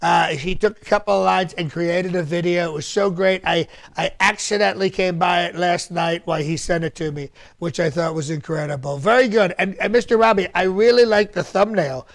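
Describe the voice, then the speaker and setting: Male comedian doing a rambling, self-praising older politician; high, gravelly delivery. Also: fairly even intonation, fairly quick, few pauses. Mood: boastful. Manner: bragging, repetitive, rambling asides. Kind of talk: live-stream comedy press conference.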